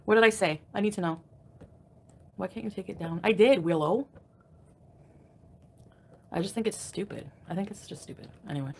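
A woman at home on a live stream, irritated and crabby. Her voice sits at an ordinary middle pitch, and she swings from low grumbles to loud, swearing outbursts as she vents. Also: moderate pace, pauses often, husky. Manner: angry, profane venting with sharp loud outbursts. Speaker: livestreamer. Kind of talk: ranting live stream chat.

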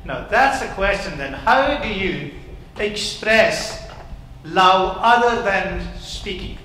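Guy minister, slow bright voice, doing a kids talk with the congregation, big echoey church. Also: sits high, expressive, slight background noise. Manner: interactive, questioning the congregation. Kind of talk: children's talk in church service. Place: large church hall.

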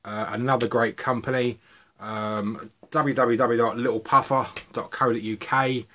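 Reviewing vape juices, a middle-aged British man talks in a medium-pitched, unhurried voice. He keeps it casual and relaxed, wandering into occasional rambling asides.

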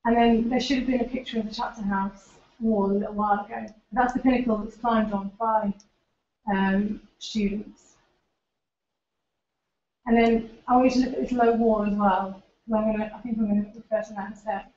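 A woman's voice: a little high, fairly even intonation, moderate pace, a little mellow, slight background noise. A woman giving an informal seminar talk, explaining and pointing at pictures as she goes, in a lecture room. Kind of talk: informal academic presentation with slides. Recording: roomy, dull lecture recording.

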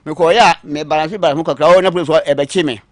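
A man recounting his own long story on a talk show, acting out what others said to him, moving between quiet asides and louder bursts. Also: a little high, steady tone, quick pace, no room sound, studio quality. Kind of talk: call-in story telling.

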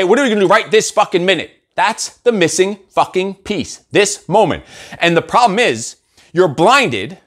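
Male motivational coach, high voice, very lively delivery, swears constantly, hammers phrases. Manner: intense, swearing, repetitive exhortations. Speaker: host and coach. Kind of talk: profane motivational monologue.

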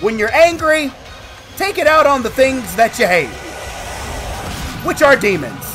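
A man's voice: very high-pitched, very animated, measured pace, a bit bright, soft background music. A man hosting a let's-play, trash-talking and whooping at enemies. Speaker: gaming video host.

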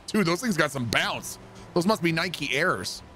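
Brief: male streamer, exasperated and profane, laughs at himself, lively pitch, unhurried. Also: soft background music. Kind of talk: roleplay gaming stream.

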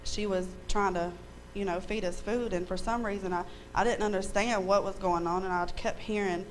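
A woman's voice: mid-range voice, steady tone, moderate pace, few pauses, a little hiss or hum, low-quality recording. Candid woman giving a church testimony. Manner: candid and chatty, laughing often, mild cursing. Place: church service.

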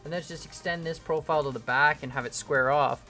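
A man's voice: fairly high pitch, fairly even intonation, brisk, pushed and bright, soft background music. A man livestreaming a building game, chatting casually and answering chat questions in a rambling, self-deprecating way. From Canada. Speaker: gaming livestreamer.

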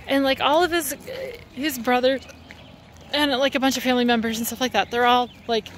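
A woman's voice: sits high, fairly even intonation, brisk, fairly bright tone, slight background noise. A woman walking outside while vlogging into her phone, talking in a rambling, heated, casual way with lots of fillers. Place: outdoors, walking.

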